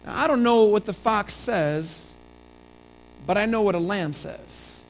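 A preacher giving a sermon told in first person as a biblical prophet, with dramatic storytelling that swings from loud emphasis to hushed, low delivery. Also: a little slow, a little hiss or hum, poor audio.

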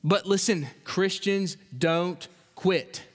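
A man preaching a sermon as a pastor, impassioned, swinging between loud exhortation and quiet emphasis. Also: sits high, fairly even intonation, takes it slowly. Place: church sanctuary. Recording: long hall reverb.

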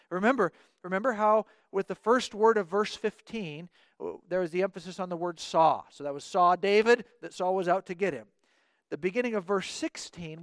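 High-voiced man preaching a sermon. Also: no echo, clean studio sound. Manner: earnest, often doubles words as he restarts.

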